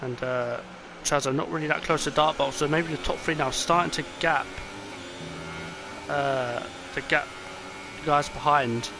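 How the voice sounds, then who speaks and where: A young man commentating an online racing game, excitable and rambling with many fillers, and tired. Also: on the high side, a little slow, long pauses. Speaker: race commentator. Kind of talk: esports race commentary. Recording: noisy, with game car sounds behind.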